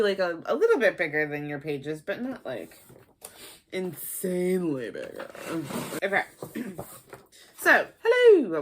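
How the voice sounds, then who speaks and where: A young woman from the Midwest hosting a casual craft tutorial, a little high, rambling and playful with lots of fillers. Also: a little hiss or hum. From American Midwest. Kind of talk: casual how-to demonstration.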